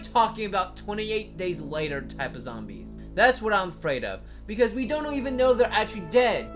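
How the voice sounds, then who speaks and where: A woman talking in a casual commentary vlog, blunt and joking, swearing casually and rambling with lots of likes. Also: mid-range voice. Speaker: video creator. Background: background music.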